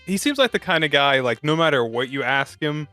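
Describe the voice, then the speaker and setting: A man's voice: fairly high pitch, lively intonation, pushed and bright, faint music behind. A man co-hosting a casual film chat, cracking jokes and swearing. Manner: quick, joking, profane. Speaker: podcast co-host. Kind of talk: casual chat about a film over beer.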